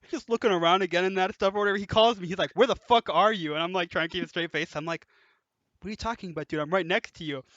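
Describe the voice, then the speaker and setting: A young man hosting a casual podcast, telling animated stories, laughing and swearing freely as he talks. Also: high-pitched, racing, dry recording, muffled recording. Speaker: podcast host. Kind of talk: casual storytelling chat.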